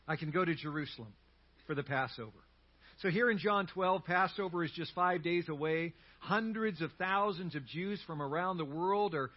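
A man preaching a sermon as pastor, telling a story in an animated way with humorous asides. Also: high-pitched, muffled recording.

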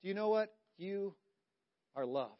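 A male pastor with a fairly high voice preaches with strong emphasis, pressing hard on key words and then falling almost to a hush. The recording is dull and lo-fi, with a muffled top end. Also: expressive, unhurried. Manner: emphatic, swings from loud stresses to hushed, intimate lines. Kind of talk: sermon.

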